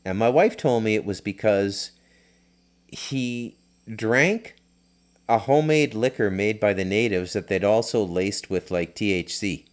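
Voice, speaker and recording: A man's voice: lowish voice, unhurried. A middle-aged man hosting a podcast, telling loose, rambling stories with lots of fillers and restarts. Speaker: podcast host. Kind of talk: casual storytelling.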